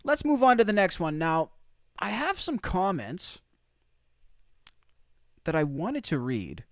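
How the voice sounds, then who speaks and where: Emphatic, lively-voiced male commentator. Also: high-pitched, slow, no room sound, studio quality. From outside the United States. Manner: emphatic, repeats key phrases. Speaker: commentary streamer. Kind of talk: opinionated live commentary.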